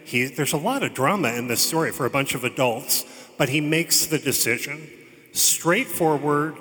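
Male preacher, bright and forceful tone, chatty storyteller with wry asides; church hall with a long echo. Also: mid-range voice. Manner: conversational storytelling with joking asides. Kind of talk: sermon. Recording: long reverb of a large hall.

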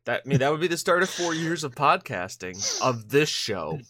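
Lively tired man co-hosting a podcast. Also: fairly high pitch, moderate pace, dry recording. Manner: animated, laughs often, restarts mid-sentence. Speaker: podcast co-host. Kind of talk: casual podcast banter.

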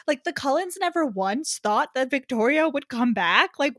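A woman in casual chat, recapping a novel with animated quoted voices and some swearing. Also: sits high, moderate pace, hardly any pauses, dry recording, clean studio sound.

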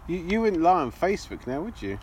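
A man's voice: fairly high pitch, big pitch swings, fairly quick, background noise. Dry, teasing man. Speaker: podcast co-host. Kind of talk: casual chat.

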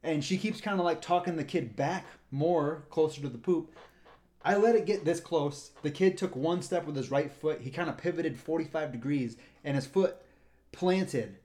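A man's voice: on the high side, normal speed, warm tone. Chatty man telling a park story. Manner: rambling, acts out voices in anecdotes. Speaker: park ranger and podcast co-host. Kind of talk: casual storytelling.

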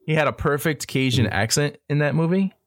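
A man's voice: on the high side, a little fast. A man co-hosting a podcast, chatting casually and agreeing readily with the others. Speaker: podcast co-host. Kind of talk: casual chat.

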